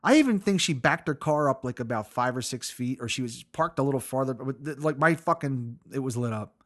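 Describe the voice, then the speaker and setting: A man's voice: medium pitch, animated, a little fast, fairly bright tone. A man hosting his own podcast alone, telling rambling, profane, self-mocking stories with bursts of laughter. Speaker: podcast host. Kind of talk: casual solo storytelling.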